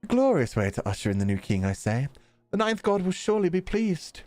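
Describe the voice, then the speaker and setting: A pompous southern grandee plotting against the crown, as a man puts him on, grandiose and sly, pitched a little above his own voice with wide swings in pitch. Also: very animated, fairly quick, darkish tone, no room sound, soft background music. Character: pompous scheming southern male noble.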